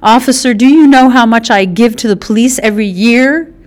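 Shrill voice, haughty heiress, high-pitched, smooth, a woman doing it, storybook. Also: brisk, close to an everyday voice. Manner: imperious, shrieking.

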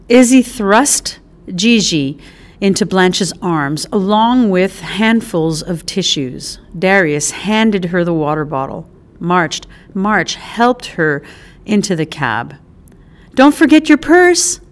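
Audiobook narrator, woman, unhurried, lively pitch. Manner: expressive, animated reading.

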